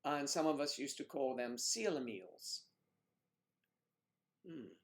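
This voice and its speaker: With a sing-song lilt and a slow pace, a mid-range male voice belongs to a middle-aged U.S. man co-hosting a relaxed livestream. He reads out comments and needles viewers by name with bawdy wisecracks.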